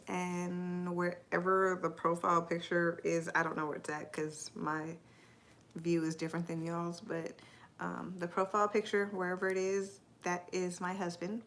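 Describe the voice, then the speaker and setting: A young woman talking casually on a live stream, pausing often to read and answer comments from her viewers. Her voice sits at an ordinary middle pitch, and her talk wanders with fillers and asides. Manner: chatty, rambling, answers chat comments.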